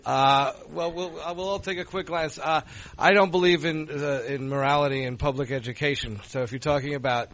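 A middle-aged man moderating a panel, frank but halting, full of fillers. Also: a little high, fairly even intonation, fairly bright tone, rough recording. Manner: hesitant, many fillers, frank.

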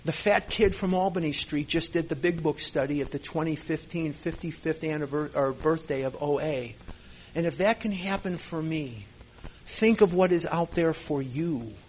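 A man's voice: fairly high pitch, moderate pace, darkish tone, a little hiss or hum. A man speaking to a recovery meeting in an earnest, emotional way, repeating phrases for emphasis and holding back tears. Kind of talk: impassioned speech to a meeting.

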